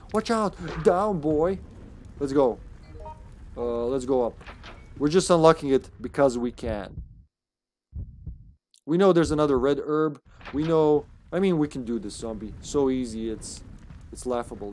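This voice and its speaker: A man's voice: medium pitch, normal speed, pauses often, darkish tone, a little hiss or hum. Joking male game streamer. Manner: joking, laughs often, talks to his co-op partner. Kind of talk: casual live gameplay commentary.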